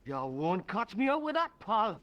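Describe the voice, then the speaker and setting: An actor playing a drunk, friendly football fan with a Geordie accent, talking in boisterous banter. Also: male voice, sits high, big pitch swings, moderate pace, a bit bright, slight background noise. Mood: rowdy.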